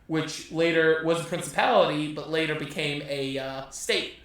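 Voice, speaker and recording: A young man, a podcast guest, joking and animated in casual chat. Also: on the high side, moderate pace, distant mic. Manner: animated, jokey. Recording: echoey room.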